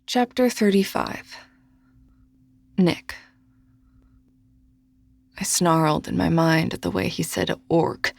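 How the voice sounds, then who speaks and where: Gravelly, dry first-person audiobook narration. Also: mid-range voice, fairly even intonation, no echo. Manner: measured, deliberate reading.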